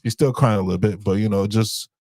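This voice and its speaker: A man's voice: fairly low pitch, fairly even intonation, fast, darkish tone, dry recording. A man co-hosting a married couple's podcast, talking casually and rambling as he searches for words. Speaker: podcast co-host. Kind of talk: casual chat.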